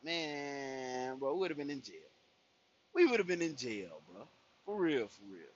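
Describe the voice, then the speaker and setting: A man's voice: medium pitch, sing-song, unhurried. A man telling a personal story in casual, profane street slang, acting out the people he quotes. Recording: dull lo-fi recording.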